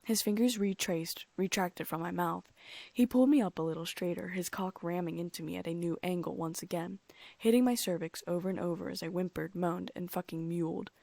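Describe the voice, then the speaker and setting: Woman narrating audiobook, first person, gravelly low voice, breathy, slips into whispers, dry close recording. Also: steady tone, brisk, warm tone, dry recording.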